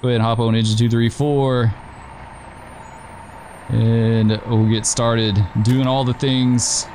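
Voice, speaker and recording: A man's voice: medium pitch, flat delivery, slow pace, darkish tone, slight background noise. A man casually commenting while playing a driving and emergency game, chatty, laughing easily and talking back to the drivers on screen. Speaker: gameplay streamer.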